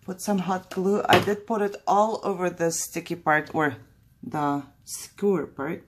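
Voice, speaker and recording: Slow-talking woman hosting a craft tutorial. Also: lowish voice, steady tone, slight background noise. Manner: chatty, thinks aloud, laughs at her own mistakes.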